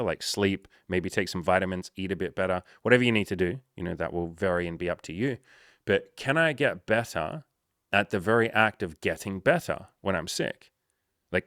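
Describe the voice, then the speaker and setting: A man with a lowish voice talks like a life coach in a loose, profane monologue, acting out back-and-forth dialogue with mounting energy. The sound is dry and close, with no room around it. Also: dry recording. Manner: animated, swears often, acts out dialogue with rising energy.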